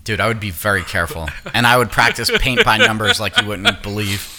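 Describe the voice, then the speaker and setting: A man's voice: on the low side, huge pitch swings, fairly quick, creaky, bright, forceful tone, a little hiss or hum. A man hosting a casual podcast chat, rambling, swearing now and then and explaining at length. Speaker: podcast host.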